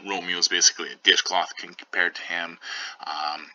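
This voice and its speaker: Deep, sharp-toned male teacher. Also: normal speed, dull audio. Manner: reads verse lines, then paraphrases in everyday slang; relaxed, with frequent fillers. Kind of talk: casual lesson explaining a play scene.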